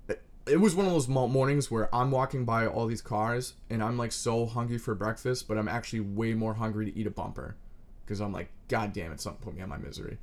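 A young man in his twenties, riffing in a crude, self-mocking, scattered comedic monologue with sudden loud outbursts. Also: medium pitch.

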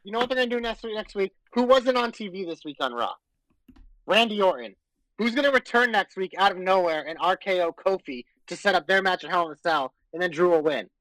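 A man with a high-pitched voice rants in casual podcast chat, exasperated and quick to swear. The sound is dry and close, with no room around it. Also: lively intonation, fairly bright tone, no room sound, low-quality recording. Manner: exasperated, profane ranting. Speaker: podcast co-host.

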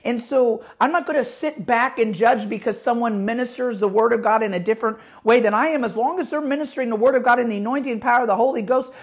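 A middle-aged woman pastor preaching with passion, her voice growing louder as she gets excited. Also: fairly high pitch, fast talker, few pauses. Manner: passionate, rising volume when excited. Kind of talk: podcast sermon.

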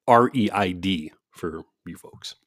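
A man's voice: low-pitched, slow, fairly bright tone, dry recording, studio quality. A man talking at home in a casual ranting monologue, profane and sarcastic, with frequent laughs. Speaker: parent with kids at home.

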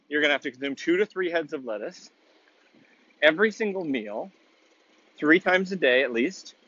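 A man in casual chat, ranting in an incredulous, animated way. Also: on the high side, dull audio. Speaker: panelist.

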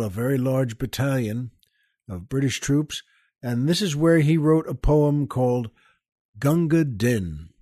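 Slow, animated man reciting dramatically. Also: fairly high pitch, no echo, clean studio sound. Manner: theatrical, expressive delivery. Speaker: podcast host. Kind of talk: dramatic poetry recitation and casual chat.

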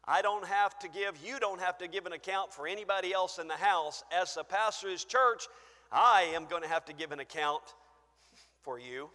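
A man pastor preaching a sermon in a church, shifting from quiet low asides to loud, shouted acted-out pleas. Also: moderate pace. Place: church sanctuary. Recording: church sanctuary with long reverb.

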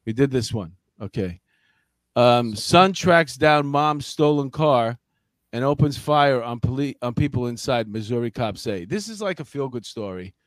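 A man's voice: mid-range voice, measured pace, dry recording, clean studio sound. A man co-hosting a casual crime news podcast, telling stories in a joking, profane way and acting out the people in them. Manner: animated storytelling, acts out voices. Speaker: podcast co-host.

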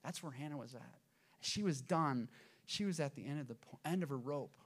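A man's voice: mid-range voice, fairly quick, husky. A man preaching a sermon to his congregation, conversational and joking, with frequent restarts. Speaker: pastor.

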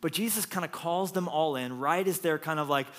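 Animated male preacher. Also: on the high side, a little fast. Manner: animated, jokey, acts out quotes with playful voices. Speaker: pastor. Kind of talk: lively sermon.

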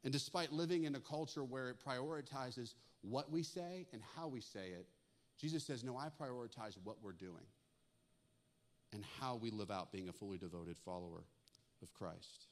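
A man preaching a sermon, animated and acting out comic asides with lively swings in energy. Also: mid-range voice, normal speed. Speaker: pastor.

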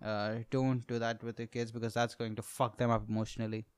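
A man's voice: medium pitch, little pitch movement, fairly quick, clear, resonant tone, no echo, clean studio sound. A man in his twenties hosting a solo comedy podcast, ranting with lots of swearing and laughing at his own jokes. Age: 20s. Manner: profane ranting, laughs at own jokes, sudden loud outbursts. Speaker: podcast host, stand-up comedian.

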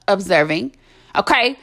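A woman's voice: mid-range voice, animated, takes it slowly, a bit bright. A young adult woman hosting a podcast, delivering a blunt, impassioned monologue full of swearing and emphatic repetition. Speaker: podcast host.

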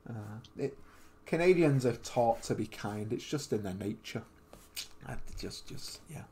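A man hosts a loose, unscripted podcast from a home computer mic over a voice call. He rambles, mocks himself, and trips over his words, at a middle pitch. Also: animated, measured pace, mellow, slight background noise. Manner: rambling, self-mocking, stumbles over words. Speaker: podcast host. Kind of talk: casual chat.

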